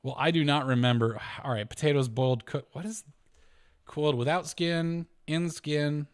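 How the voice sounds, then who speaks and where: A man's voice: a little high, fairly even intonation, moderate pace, smooth. A man hosting a homesteading channel, talking casually through a spreadsheet as he works out numbers aloud, correcting himself, chuckling, and letting his voice swing up and down.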